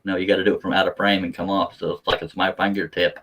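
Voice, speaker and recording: A man's voice: deep voice, level tone, fast talker, fairly bright tone. A man hosting a late-night live stream in casual chat, laughing often and using folksy sayings.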